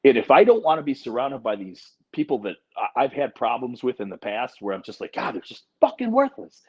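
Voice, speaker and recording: A man's voice: mid-range voice, lively intonation, brisk, husky. A man in his forties co-hosting a casual podcast chat, talking bluntly and emphatically with plenty of profanity. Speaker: podcast co-host. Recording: dull lo-fi recording.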